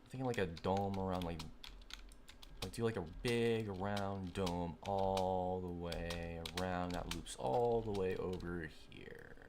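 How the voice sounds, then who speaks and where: A young man streaming a game, talking casually and rambling with lots of fillers and quick irritation. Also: deep voice, steady tone. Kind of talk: casual gaming stream chat. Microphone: desk microphone. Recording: noisy home mic with keyboard clicks. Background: keyboard clicks and typing.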